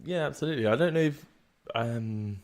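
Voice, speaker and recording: A man's voice: mid-range voice, brisk. A man with a Birmingham accent co-hosting a casual podcast, joking and dropping in short quips. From Birmingham, England. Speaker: podcast co-host. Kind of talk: casual chat.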